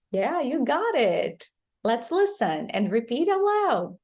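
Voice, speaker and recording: Slow Brazilian-accented woman teaching pronunciation. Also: high voice, sing-song, a little mellow. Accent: Brazilian Portuguese. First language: Portuguese. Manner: slow, explanatory, models phrases for repeating. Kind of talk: pronunciation lesson.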